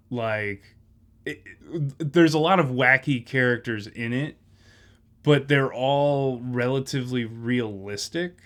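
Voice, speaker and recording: A man co-hosting a film podcast, talking in a relaxed, rambling way with many fillers. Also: mid-range voice, clean tone. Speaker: podcast co-host. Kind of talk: casual film discussion.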